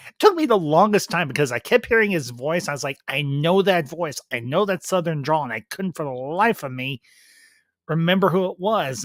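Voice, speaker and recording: A man's voice: medium pitch, a bit bright, no room sound, studio quality. A man hosting a casual review stream, chatting with enthusiasm and restarting his phrases often. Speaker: YouTube reviewer.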